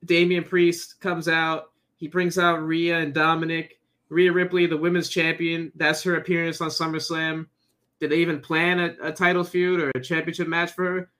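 A man co-hosting a casual wrestling review podcast, recapping the action plainly and briskly. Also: a little high, little pitch movement, bright, forceful tone. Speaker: podcast co-host.

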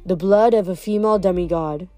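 A woman voicing a sleepy, mocking ancient earth goddess in a novel read aloud, soft and menacing. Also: on the low side, brisk, natural voice.

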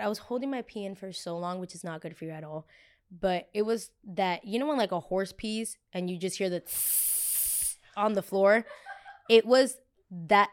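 Young woman podcast host, candid confessional storyteller, smooth clear voice, animated and salty. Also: medium pitch. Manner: candid, animated, swears freely.

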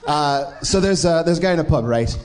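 A man's voice: a little high, animated, fairly quick, a little mellow. A man from upstate New York, an improv theater owner, rambling off on tangents as he tells a joke on stage at a live show. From Binghamton, New York, US.

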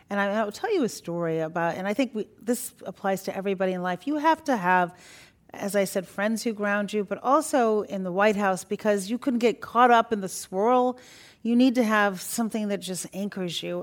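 An older woman tells stories as an interview guest, chatty and animated, laughing often. Her voice rises and falls in lively swings. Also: medium pitch. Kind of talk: storytelling in an interview.

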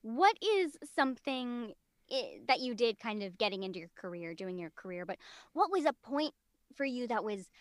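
A woman chats as a podcast guest, rambling through her thoughts and laughing often. Her voice is a little high for a woman. The sound is dry and close to the mic. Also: sing-song, normal speed, no room sound. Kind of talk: casual chat.

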